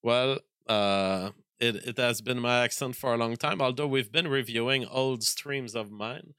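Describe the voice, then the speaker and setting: A man with a French accent hosting a live stream, reading viewer messages and thinking aloud in a halting, stop-start way. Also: mid-range voice, bright, forceful tone, clear, resonant tone, dry recording, clean studio sound. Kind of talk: casual live-stream chat.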